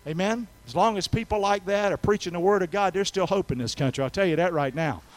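A man preaching a folksy sermon, calling for responses and swinging from soft talk to shouting. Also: high-pitched, quick pace, rough recording. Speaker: pastor. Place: church sanctuary.

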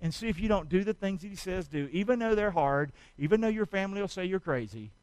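A preacher with a high, smooth, ringing voice leads his congregation in call-and-response. He swings from hushed, earnest pleading to loud, fervent cries. The sound is dry and close. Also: expressive, fast, no room sound, rough recording. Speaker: pastor. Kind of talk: sermon.

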